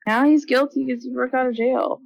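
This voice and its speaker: A woman's voice: high voice, steady tone, brisk, gravelly, dry recording, poor audio. A woman co-hosting a casual movie chat, answering in short, dry remarks. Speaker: podcast co-host.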